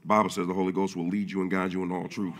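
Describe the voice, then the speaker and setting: A man preaching a sermon in church, casual and full of slang, swinging from low murmurs to loud shouting. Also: flat delivery, very fast. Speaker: pastor.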